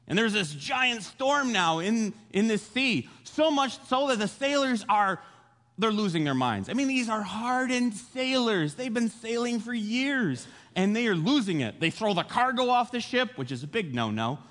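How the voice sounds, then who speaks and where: A young man preaching a casual sermon, retelling a Bible story in an animated way and acting out the voices. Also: sits high. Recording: long hall reverb.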